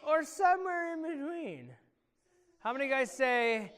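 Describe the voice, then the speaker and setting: A high-voiced male pastor teaching a children's Bible lesson, animated and calling on the kids by name. His voice carries a long echo from the church hall. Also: unhurried.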